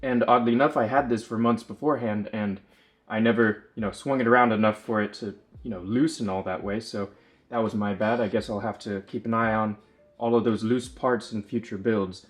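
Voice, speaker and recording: A man's voice: fairly low pitch, fairly even intonation, a little fast. A man casually explaining his hobby build work, rambling and correcting himself often with plenty of fillers. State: slightly out of breath. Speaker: lightsaber builder.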